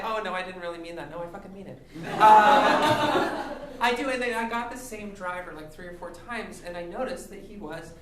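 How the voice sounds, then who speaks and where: A woman's voice: on the low side, background noise. Forty-year-old woman doing stand-up. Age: 40s. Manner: ranting, wry, laughs often. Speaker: stand-up comedian. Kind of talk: stand-up comedy set. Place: theatre stage with live audience. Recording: roomy live theatre, loud crowd laughter.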